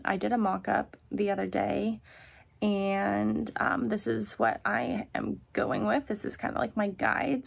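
A young woman vlogging casually from her apartment in a groggy morning voice, chatty and relaxed with lots of fillers. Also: medium pitch, gravelly. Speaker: DIY vlogger. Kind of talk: casual home vlog narration. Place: apartment living room.

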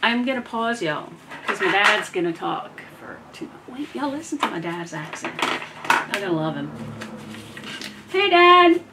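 A woman's voice: mid-range voice, very animated, unhurried. A woman, chatting through a craft demo at her home desk and often dropping into half-whispered asides as she works. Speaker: crafting vlogger. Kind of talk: casual craft demo talk. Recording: noisy home recording.

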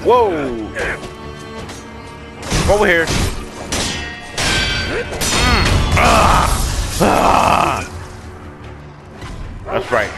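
A man giving excitable, profanity-laced let's play commentary, talking back to the enemies he fights. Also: high voice, drawn-out words, creaky, pauses often. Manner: excitable, swears a lot, talks to enemies. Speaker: gamer. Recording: background music.

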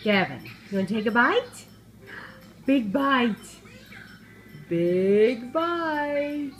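A woman's voice: on the high side, lively intonation, drawn-out words, soft background music, low-quality recording. A woman vlogging at home, chatting casually and switching to sing-song baby talk with her son. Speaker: vlogger and mother. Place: home, indoors and at the back door.

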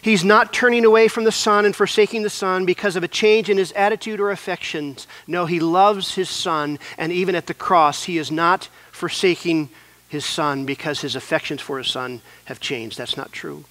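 A man preaching a sermon as pastor, in an earnest, measured way with repeated phrases. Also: high voice, steady tone, a bit bright, dry recording.

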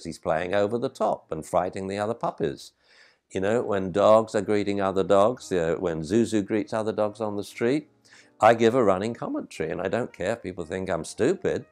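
Brief: low-pitched male trainer, emphatic and lively, faint music underneath. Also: gravelly. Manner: animated, emphatic, conversational. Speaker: dog trainer. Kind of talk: instructional talk answering a viewer question.

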